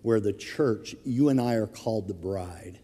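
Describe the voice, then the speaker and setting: A middle-aged man preaching a sermon from the pulpit, his voice mellow and dark in tone. He tells stories animatedly and chuckles as he goes, with a long hall reverb trailing every phrase. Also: fairly low pitch, unhurried, slightly rough. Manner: storytelling, animated, chuckles through anecdotes. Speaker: pastor. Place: church sanctuary.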